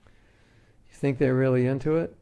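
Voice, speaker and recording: A man with a deeply gravelly voice gives a relaxed, conversational devotional talk. His tone is dark and mellow, and he teaches through everyday examples and light jokes. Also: a little slow. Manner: conversational, joking, uses homely examples. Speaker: spiritual teacher.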